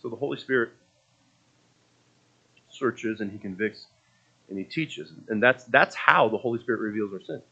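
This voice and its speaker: A man delivers a sermon in a relaxed, storytelling way, often stumbling and restarting phrases. His voice sits at an ordinary middle pitch. The recording sounds a little muffled. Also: moderate pace, gravelly, pauses often, husky. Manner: conversational storytelling preaching with repeated restarts. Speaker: preacher.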